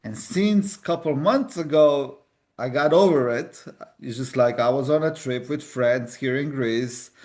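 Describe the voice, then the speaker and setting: A man's voice: medium pitch, unhurried, darkish tone. A man hosting a casual interview, talking loosely with lots of fillers. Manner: loose, filler-heavy chat. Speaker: host.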